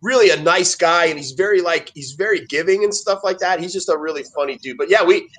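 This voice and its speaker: A man's voice: high voice, quick pace, fairly bright tone. A man talking casually on a podcast, rambling and restarting often as he tells stories. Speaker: podcast guest.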